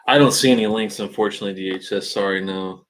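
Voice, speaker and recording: Low-voiced man musing on a live stream. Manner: halting, thinking aloud with many fillers and restarts. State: hiccups. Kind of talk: casual live-stream chat. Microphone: webcam.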